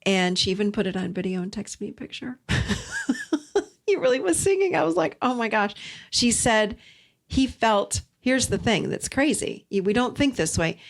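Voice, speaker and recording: Woman, podcast host, relationship coaching talk, earnest, emphatic, repeats key points, mid pitch. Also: vocal fry. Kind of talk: storytelling self-help talk.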